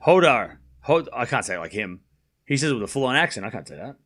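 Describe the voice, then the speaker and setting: A man's voice: mid-range voice, sing-song, fast, fairly bright tone. A man casually commentating a live tennis match on a stream, joking and chatting with viewers. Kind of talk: casual watchalong play-by-play.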